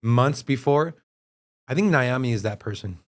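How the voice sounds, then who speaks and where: A man's voice: mid-range voice, lively intonation, moderate pace. A man co-hosting a crypto livestream in casual chat, joking with his co-hosts and ranting heatedly about the news.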